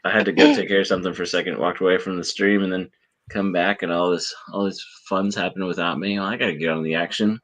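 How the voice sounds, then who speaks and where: A man's voice: low voice, fairly even intonation, quick pace, a bit bright. A man chatting casually on a stream, laid-back and jokey. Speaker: co-host on a stream. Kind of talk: casual chat.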